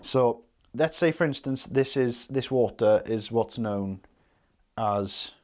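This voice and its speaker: A man's voice: mid-range voice, takes it slowly, a little mellow. A man coaching on sales in a casual teaching style, talking directly and checking in often with "okay?" and "right?".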